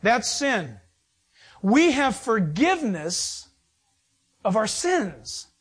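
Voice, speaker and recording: Man preaching an animated sermon. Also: high voice, very slow, husky. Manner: conversational, animated preaching with asides. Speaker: pastor.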